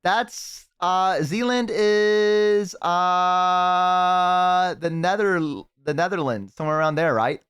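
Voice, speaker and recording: A young man streaming and chatting casually with a friend on a call, excitable and swearing a lot, with sudden high-pitched outbursts. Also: takes it slowly, clean tone, dry recording, studio quality. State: has the hiccups.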